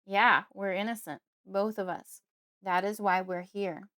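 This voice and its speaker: A woman's voice: medium pitch, steady tone, measured pace, fairly bright tone, dry recording, clean studio sound, close to an everyday voice. A woman reading an audiobook, voicing a desperate, frightened father who pleads urgently.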